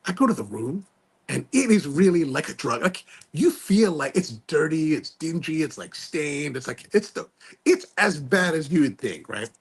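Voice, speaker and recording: A male podcast host telling a story in a casual, animated way, full of slang and restarts. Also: fairly high pitch, moderate pace, breathy edge.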